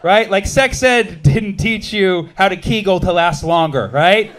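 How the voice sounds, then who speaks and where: Guy in his 30s doing stand-up, highish voice, punchy, yells sometimes, talks to the crowd. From United States. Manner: animated, punchy delivery with shouted bits and quick asides to the crowd. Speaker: stand-up comedian. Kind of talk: stand-up set with crowd work.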